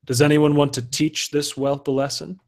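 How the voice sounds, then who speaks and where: A man's voice: mid-range voice, slow, lightly acted. A man voicing a haughty, arrogant male errant warrior who mocks and sneers. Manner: sneering, pompous, mocking laughs.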